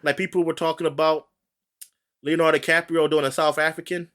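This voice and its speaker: A man's voice: fairly high pitch, level tone, brisk, fairly bright tone. A man co-hosting a podcast in casual chat, jokey and swearing freely. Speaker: podcast co-host.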